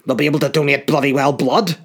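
A man's voice: a little high, steady tone, fast talker, husky, voice pushed up. A man putting on a scandalised old-fashioned politician. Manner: scandalised, sputtering. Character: outraged stuffy male conservative politician.

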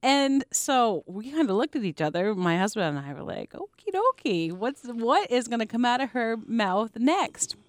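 A woman's voice: fairly high pitch, moderate pace, few pauses, dry recording, studio quality. A young adult woman co-hosting a casual chat, telling a story with lots of laughter and acted-out quotes. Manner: animated storyteller, laughs often, acts out quotes. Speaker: podcast co-host.

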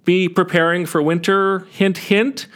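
A prim, hardworking ant, as a man puts him on, lecturing with smug self-righteousness. The voice stays close to an ordinary man's speaking voice, a touch high and slow. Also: level tone, a bit bright. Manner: preachy and smug.

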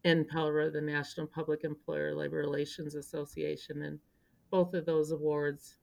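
A woman's voice: low voice, a little fast, gravelly. A woman in her sixties who spent decades in local government, telling a story as a podcast guest, acting out quotes and growing emotional. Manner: animated storyteller, acts out quotes, turns emotional. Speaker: interview guest, longtime local government official. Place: indoor podcast recording.

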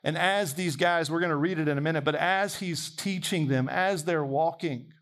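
A man preaching a sermon in a conversational, animated way, imagining dialogue aloud. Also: a little high, normal speed.

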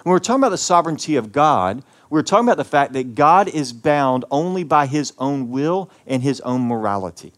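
A man's voice: fairly high pitch, big pitch swings, fairly bright tone. Earnest male pastor preaching. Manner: earnest, emotional storytelling with pauses and repetitions. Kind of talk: sermon with personal story.

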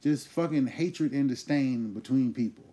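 A man hosting a comedy podcast, ranting loudly and profanely in a casual, riled-up way. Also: mid-range voice, normal speed. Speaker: host.

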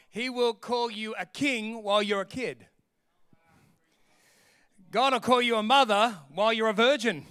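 A man preaching a sermon in an animated way, acting out voices and laughing often. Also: high voice, unhurried, long pauses, smooth, dry recording. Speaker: pastor.

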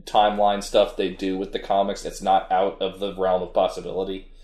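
Deep-voiced man rambling in an echoey room. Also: little pitch movement, brisk, darkish tone. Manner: rambling, with frequent restarts. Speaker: podcast co-host. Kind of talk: casual chat reviewing an anime.

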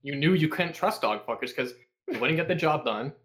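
A man's voice: fairly high pitch, a little fast. Profane, sarcastic young man. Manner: sarcastic, swears constantly, animated impressions. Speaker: podcast guest. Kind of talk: casual profane storytelling.

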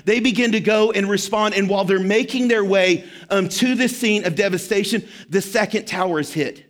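A man pastor telling a story in a sermon, dropping to a hushed tone for emphasis. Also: high voice, normal speed.

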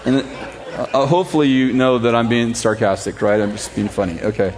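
Male pastor, lively storytelling sermon voice, sarcastic humor. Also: medium pitch, normal speed, a faint crowd. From United States. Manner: animated storytelling, jokey and sarcastic.

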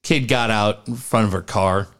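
A man's voice: on the low side, moderate pace. A middle-aged man co-hosting a podcast, telling profane stories in casual chat and acting out quotes. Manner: animated, profane storytelling with acted-out quotes. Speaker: podcast co-host.

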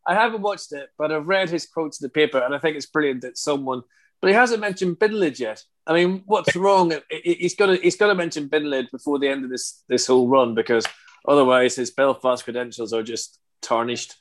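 A man's voice: a little high, brisk. A man from Northern Ireland with a Northern Irish accent, co-hosting a football podcast with dry, wry humour. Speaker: podcast co-host. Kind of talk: casual football podcast chat.

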